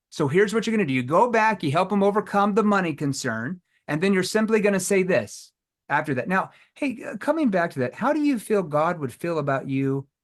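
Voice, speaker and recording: A man teaching a live virtual sales training, asking the audience rhetorical questions and acting out sales calls in role-play. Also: a little high.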